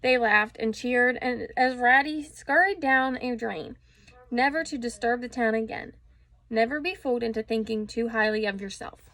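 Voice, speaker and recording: A woman reading a children's story aloud with expressive storytelling and a few small slips. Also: fairly high pitch, normal speed, faint music behind.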